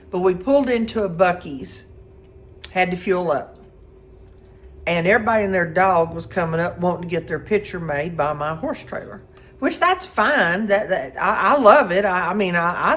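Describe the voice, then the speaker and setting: A middle-aged woman, telling a personal story in a folksy, animated way and acting out the quotes. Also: lowish voice. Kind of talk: casual spoken storytelling.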